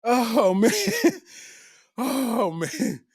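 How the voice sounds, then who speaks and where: Laughing man ranting with lively pitch. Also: very slow, slightly rough, dry recording, clean studio sound. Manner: loud laughing, slangy, freestyles a rap at the end. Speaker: podcast host. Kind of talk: comedic rant.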